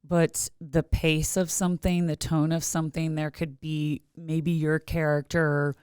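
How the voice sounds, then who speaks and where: A woman's voice: sits low, steady tone, unhurried, hardly any pauses, clean tone, dry recording, studio quality. A woman hosting a podcast interview, speaking with an encouraging, trained voiceover delivery. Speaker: podcast host. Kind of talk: casual interview chat.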